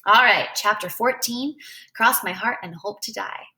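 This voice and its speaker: A woman reading a novel aloud as a first-person storyteller, in an expressive way. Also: medium pitch, a little slow. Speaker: reader.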